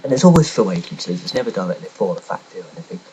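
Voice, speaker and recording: A man's voice: low-pitched, big pitch swings, racing, dark tone, a little hiss or hum, poor audio. A young man from England, telling a story in a blunt, sarcastic, swearing rant. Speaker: vlogger telling a personal story. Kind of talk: casual ranting monologue.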